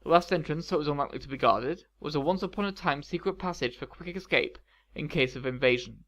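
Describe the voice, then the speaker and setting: A man narrating a fan fiction story in a steady, measured reading. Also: a little high, muffled recording.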